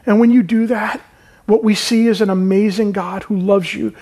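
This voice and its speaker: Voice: mid-range voice, steady tone, normal speed, darkish tone, breathy edge. A pastor preaching a sermon with urgency, repeating key lines and calling on the listeners to respond.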